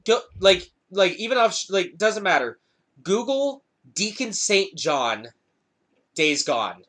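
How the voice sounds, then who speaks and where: A young male podcast host speaks in a high-pitched voice at a slow pace. He's telling a story in a relaxed chat, cursing frequently and with animation.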